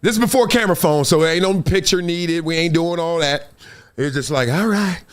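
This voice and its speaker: A middle-aged man with a Southern California accent, hosting a live show and telling a story in a lively way, acting out quotes and laughing often. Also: on the high side, brisk, clear, resonant tone. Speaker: host.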